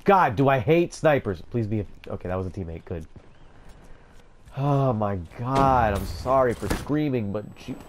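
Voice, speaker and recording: A man's voice: mid-range voice, expressive, moderate pace, slight background noise. Swearing, raging male gamer. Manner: raging, swearing, yelling in frustration. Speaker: gamer streamer. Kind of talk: live gameplay commentary.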